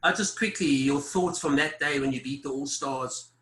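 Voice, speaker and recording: Bright-voiced panel moderator, man. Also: medium pitch, normal speed, echoey room, slight background noise, low-quality recording. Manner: prompting, recalls details for guests. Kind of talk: hosting an online panel. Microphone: video call.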